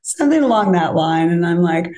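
A woman's voice: lowish voice, brisk, rough recording. A woman casually telling a dating story as a podcast guest, acting out the lines of others. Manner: animated, acts out quoted lines.

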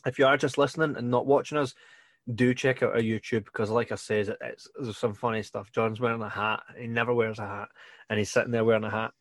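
A man's voice: medium pitch, fairly even intonation, a little fast, dry recording. A man with a Scottish accent co-hosting a podcast, chatting casually, laughing often and swearing freely. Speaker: podcast co-host. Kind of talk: casual chat.

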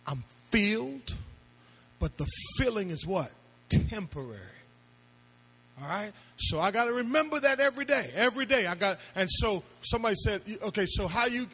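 Man, pastor, sermon, high voice, husky, rhetorical questions, shouted appeals. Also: low-quality recording.

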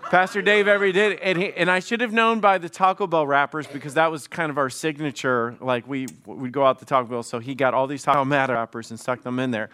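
A middle-aged man preaching a sermon as pastor, telling a personal story with animated quoted bursts. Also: medium pitch, fairly quick, hardly any pauses, smooth.

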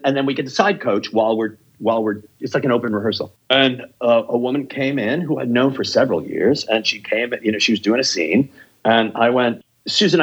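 A man talks through his years as an improv teacher with blunt, profane passion. His voice is husky and the recording sounds dull and lo-fi. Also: medium pitch. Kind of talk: casual podcast interview.

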